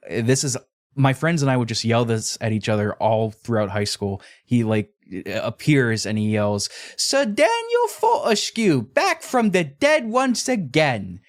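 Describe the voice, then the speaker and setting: A man's voice: lowish voice, no echo, studio quality. A man with a slight Pittsburgh accent, talking casually as a podcast co-host, chatty, laughing often and correcting himself mid-sentence. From Pittsburgh area.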